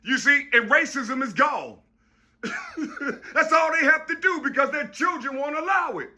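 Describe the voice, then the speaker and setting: A high-pitched man holds forth in a loose, rambling monologue, circling back with "you see" again and again. He swears freely and pushes his voice up hard when he wants to stress a point. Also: wildly swooping pitch, unhurried, pushed and bright. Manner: repetitive, keeps saying "you see", profane; emphatic, raises voice at points. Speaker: vlogger.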